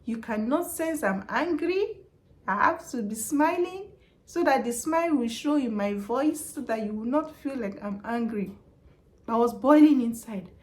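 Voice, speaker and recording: A woman's voice: on the high side, animated, a little slow, darkish tone. A woman giving chatty, emphatic advice on a vlog, repeating her points. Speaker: vlogger and customer service worker.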